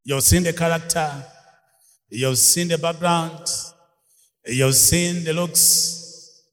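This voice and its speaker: A man's voice: a little high, fairly even intonation, slow, soft background music. A man preaching a sermon, laughing often and calling out questions to his congregation. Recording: long hall reverb.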